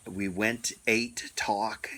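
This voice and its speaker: A middle-aged man telling a personal story in a reflective, unhurried way, pausing often. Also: on the low side, steady tone, pushed and bright. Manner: unhurried, reflective, with many pauses and fillers. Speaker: storyteller sharing a personal experience.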